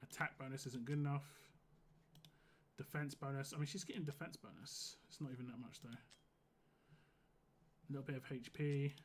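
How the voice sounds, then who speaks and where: A hoarse man streaming a game live, giving casual, rambling commentary full of "like". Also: mid-range voice, steady tone, normal speed, long pauses, slight background noise. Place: home gaming setup.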